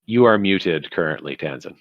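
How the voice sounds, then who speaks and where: A man narrating a tabletop game as game master, in slow, measured sentences. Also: deep voice, lively intonation, no echo, dull audio.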